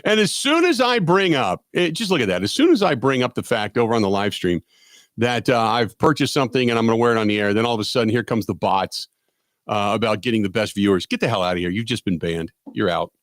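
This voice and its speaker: Rambling, animated male radio host. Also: medium pitch, quick pace, no room sound, clean studio sound. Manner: rambling, self-mocking storyteller. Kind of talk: casual radio banter. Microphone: studio microphone.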